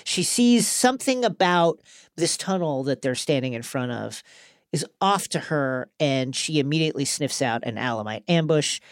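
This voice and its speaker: A man's voice: on the high side, animated, moderate pace, smooth, dry recording, clean studio sound. A man co-hosting a podcast, recapping an episode in casual chat with a playful, joking manner. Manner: playful, retells scenes with quoted voices. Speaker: podcast co-host.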